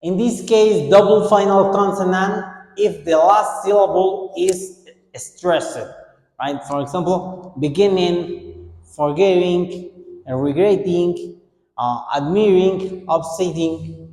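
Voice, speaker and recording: Slow, deliberate male English teacher. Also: high-pitched, darkish tone. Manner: slow, deliberate drilling, repeating words for students. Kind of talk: online English grammar lesson. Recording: echoey room with long reverb.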